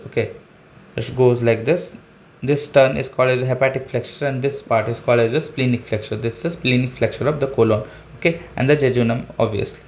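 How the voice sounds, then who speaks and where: A man's voice: mid-range voice, a little hiss or hum. A man with an Indian English accent giving an online anatomy lecture, explaining step by step, saying "okay" often and pointing at a diagram. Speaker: anatomy teacher.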